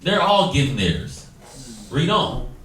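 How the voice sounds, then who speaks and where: A man's voice: a little high, big pitch swings, slow, a bit bright. A man teaching a Bible study class, exhorting his listeners and acting out quoted dialogue. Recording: echoey room, distant mic, faint noise.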